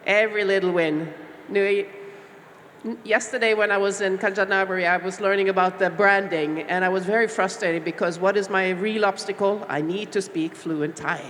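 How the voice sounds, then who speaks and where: A middle-aged woman from Norway, speaking on a panel as a small business owner, heartfelt and reflective with many pauses and fillers. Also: mid-range voice, fairly even intonation, a bit bright. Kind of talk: panel discussion talk. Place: large expo hall stage. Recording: long hall reverb with faint background noise.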